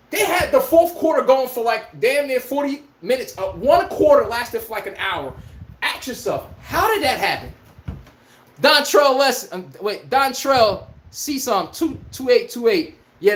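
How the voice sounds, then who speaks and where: In an echoey room, a podcast host with an extremely high, slightly bright voice launches into a heated, profane sports rant. He sounds incredulous throughout.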